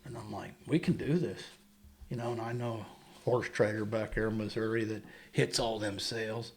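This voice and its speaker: Gravelly-voiced man spinning a yarn. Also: on the low side, steady tone, moderate pace. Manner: rambling anecdotes, acting out quoted dialogue, chuckling. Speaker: guest, horse and pony trader. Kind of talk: casual storytelling in conversation.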